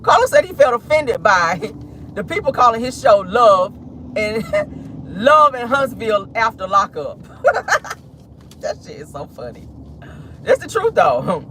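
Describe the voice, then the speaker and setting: A woman's voice: fairly high pitch, measured pace, long pauses, a little hiss or hum. Sassy woman dishing celebrity gossip. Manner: animated, sassy, laughing, addresses viewers as y'all. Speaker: host. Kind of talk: casual celebrity gossip commentary.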